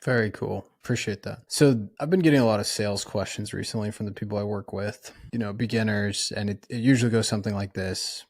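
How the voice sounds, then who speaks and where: Male podcast host, gravelly voice, casual relaxed questions. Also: fairly low pitch, fairly quick, few pauses. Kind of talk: conversational interview.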